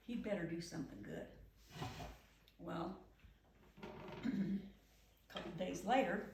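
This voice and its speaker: A middle-aged woman telling a story in first person as a pioneer woman, expressive and emotive. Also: mid-range voice. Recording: echoey room from far off with faint hum.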